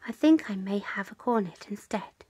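A woman voicing a polite, earnest young male bear in a storybook reading, speaking softly. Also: mid-range voice, lively intonation, normal speed, husky, faint music behind.

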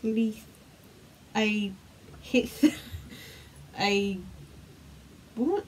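A woman's voice: mid-range voice, drawn-out words, breathy edge. A woman co-hosting a casual video chat, teasing her partner and sounding out foreign phrases in an amused way. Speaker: co-host.

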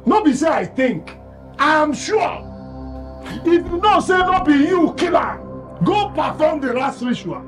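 A high-voiced, slow, scornful Nigerian village accuser in a film, pidgin-accented, faint score behind. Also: male voice, big pitch swings, soft background music, heavily acted. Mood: accusing. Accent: Nigerian Pidgin English. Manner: scornful, insistent, shouting demands. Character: hostile village elder, harsh accuser.

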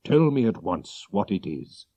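A man voicing an excitable king in a storybook reading, exclaiming emphatically. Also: on the low side, unhurried, no echo. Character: excitable, grateful middle-aged male king.

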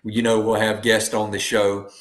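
A man's voice: fairly low pitch, monotone, moderate pace. Laid-back guy hosting, rambles and stumbles over his words. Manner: rambling, repeats words, easygoing. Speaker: host. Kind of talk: casual podcast talk.

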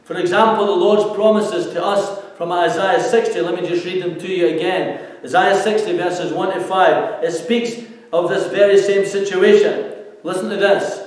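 A man, a senior minister, preaching an earnest, measured sermon that asks rhetorical questions. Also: high voice, steady tone. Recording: echoey hall, voice from far off.

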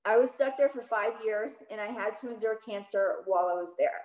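A woman telling a personal story on stage, emotional and quick, with many "like"s. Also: medium pitch, darkish tone. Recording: roomy echo.

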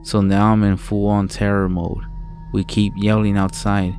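A man narrating a first-person horror story in a slow, deliberate, profane way. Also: fairly low pitch, little pitch movement, over music.

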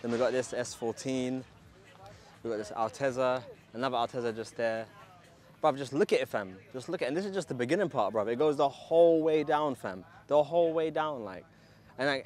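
A man with a mid-range voice talks fast while filming a walkaround vlog on a handheld camera at an outdoor car meet. His casual talk is hyped, slang-heavy street talk, with faint outdoor noise behind him.

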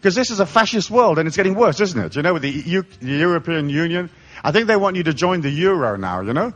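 A man's voice: on the high side, very animated, fast, a bit bright. A middle-aged man born in England and raised in Africa, giving a live talk to an audience as a spiritual lecturer in a profane, mocking, comic style. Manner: profane, mocking, comic rant with put-on voices.

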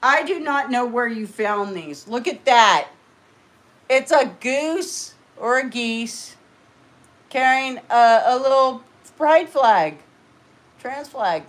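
A woman hosting a live stream, talking to her viewers in an excitable, gushing way. Her voice sits a bit high and her delivery is unhurried and drawn out. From California. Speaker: channel host. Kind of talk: casual live-stream chat.

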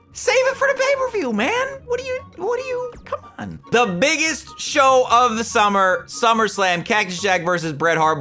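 A young man narrating his wrestling sim playthrough with a high, bouncy, very animated voice. His tone is bright and sharp, and he swings between sudden shouted reactions and low muttered asides. Faint music plays behind him. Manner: excitable, swings from loud outbursts to mumbled asides. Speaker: gaming YouTuber. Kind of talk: gaming commentary.

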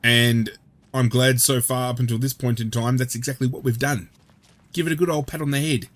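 A man talking through a video game in a relaxed commentary style, at an ordinary mid pitch. He chats and jokes with his viewers and swears freely between his remarks. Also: a little fast. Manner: chatty, swears freely, jokey asides. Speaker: gameplay commentator. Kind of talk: casual gameplay commentary.

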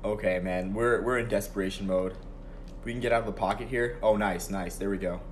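Excitable young man streaming a football game. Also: lowish voice, a little fast, slight background noise. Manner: excitable, swings between calm play-calling and loud outbursts. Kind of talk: live gameplay commentary.

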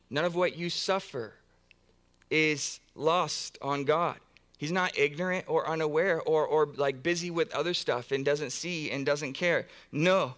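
A man's voice: on the high side, a bit bright. A man pastor preaching a sermon in a church, earnest, building through long repeated phrases with frequent restarts. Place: church sanctuary.

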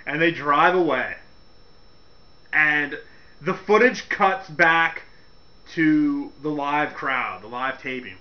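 A man hosting a casual comedic rant, laughing as he retells events in an animated way. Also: a little high, slow pace, lo-fi sound. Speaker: wrestling commentary host.

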